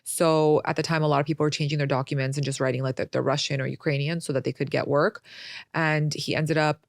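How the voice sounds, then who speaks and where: Brief: young woman, podcast guest, gravelly fry, dry close sound, chatty storyteller. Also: sits low, little pitch movement, fast, dry recording. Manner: chatty storyteller, acts out quoted voices. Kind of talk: casual interview talk.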